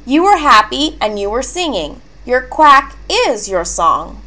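A woman voicing a kind, gentle female bluebird in a storybook reading, encouraging in tone. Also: on the high side, big pitch swings, measured pace, full character voice.

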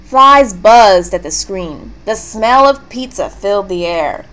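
A woman reading a leveled children's book aloud, clear and expressive. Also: mid-range voice, takes it slowly. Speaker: storybook reader.

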